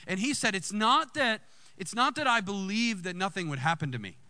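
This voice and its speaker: A man, a lead pastor telling a personal story in a sermon and jumping high in pitch when excited. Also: normal speed, dry recording.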